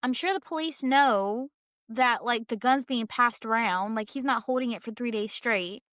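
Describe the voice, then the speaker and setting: Woman cohost, a bit high voice, reacts a lot, says literally a lot, dry close mic. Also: moderate pace, fairly bright tone, no echo. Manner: reacts with questions, lots of "like" and "literally". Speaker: podcast co-host. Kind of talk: casual chat.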